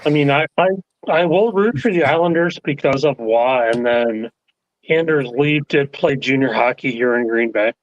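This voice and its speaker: A man's voice: medium pitch, moderate pace, no room sound, muffled recording. A man joking and swearing in a casual chat on a call.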